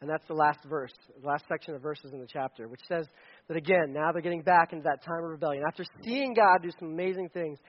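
A man preaching a sermon, telling a story in a lively, animated way and acting out the quotes. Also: fairly high pitch, fast, highs cut off. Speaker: pastor.

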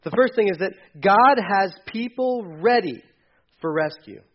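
A man preaching a sermon with a high voice. He talks in a loose, conversational way and slips into casual voices to act out quotes. The recording sounds somewhat muffled. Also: animated, unhurried, slight background noise. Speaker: pastor.

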